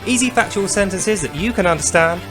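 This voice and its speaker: Sarcastic man with a higher voice. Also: brisk, music in the background. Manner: sarcastic, mocking, acts out quotes in loud comic voices. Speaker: video commentator. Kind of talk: casual commentary to camera.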